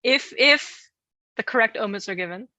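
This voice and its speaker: A woman's voice: fairly high pitch, lively intonation, moderate pace, pushed and bright, no room sound, highs cut off. A woman co-hosting a podcast, telling folklore in casual chat with playful asides and frequent laughter. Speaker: podcast co-host.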